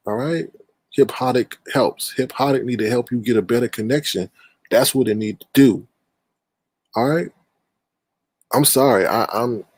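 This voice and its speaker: A man hosts a live online panel, laughing in disbelief and scolding his guests. His voice sits at an ordinary pitch, and the sound is dry with no room around it. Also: no room sound. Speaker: panel host. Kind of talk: casual livestream panel chat.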